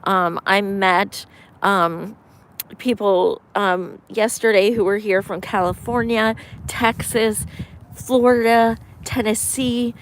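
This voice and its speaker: A woman from Pennsylvania, a campaign volunteer, chatting casually on a live stream, emphatic and excited, swearing, with lots of ums. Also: medium pitch, takes it slowly, slight background noise. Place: outdoors in winter.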